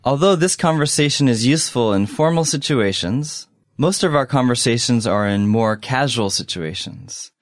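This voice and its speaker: A man co-hosting a scripted English lesson, speaking clearly and deliberately as he models example phrases. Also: medium pitch, lively intonation, no echo, studio quality. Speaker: English teacher.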